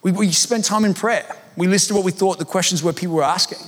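A man in his thirties preaches in a high voice, telling stories casually and poking fun at himself. His voice rings out with a long reverb from a church hall. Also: brisk. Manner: conversational, self-deprecating storytelling. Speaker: pastor. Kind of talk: sermon.

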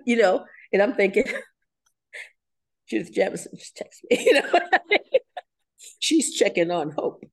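A middle-aged woman in a podcast interview, telling stories with animated emotion and frequent laughter. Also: sits low. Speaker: guest choreographer and dancer.

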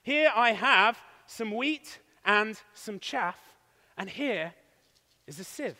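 A man's voice: high voice, expressive, takes it slowly, pushed and bright. A man preaching as pastor, retelling a scripture story and explaining it with a hands-on demonstration. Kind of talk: sermon. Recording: long hall reverb.

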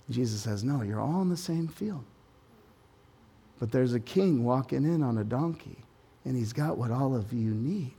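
Impassioned male preacher, loud to hushed. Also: animated, moderate pace, slightly rough. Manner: impassioned, swings between loud urgent proclaiming and low conversational asides; informal, joking tangents with everyday examples. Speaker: pastor. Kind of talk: sermon. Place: church service.

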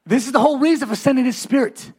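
A man preaching a sermon as pastor, building to shouted lines and calling on the congregation to repeat after him. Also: very high voice, rapid-fire, husky. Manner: preaching, often rising to shouts, calls for congregation responses.

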